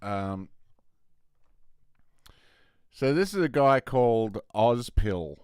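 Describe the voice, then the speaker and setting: A man's voice: medium pitch, animated, drawn-out words, darkish tone, clean tone, no room sound, clean studio sound. A man hosting a podcast, casually commenting on video clips, laid-back and chuckling. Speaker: podcast host.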